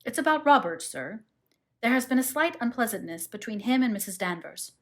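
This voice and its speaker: A woman's voice: a little high, expressive, fairly quick, a bit bright, voice pushed up. A woman reading the lines of a formal, deferential male butler in an audiobook, in a stiff and solemn manner.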